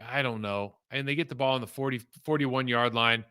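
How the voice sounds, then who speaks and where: A middle-aged man casually breaking down football game film, animated and rambling with frequent asides. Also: medium pitch, brisk, smooth.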